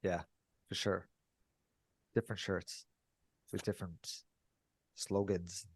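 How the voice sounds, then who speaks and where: A man co-hosting a podcast, telling stories in candid casual chat and acting out cheerful greetings in a higher voice. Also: slow pace, breathy edge, no room sound. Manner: animated storyteller, mimics cheerful greetings in a higher voice. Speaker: podcast co-host.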